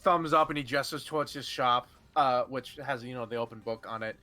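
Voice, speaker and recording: A man's voice: mid-range voice, brisk, pushed and bright, faint music behind. A man narrating as game master, rambling with lots of filler.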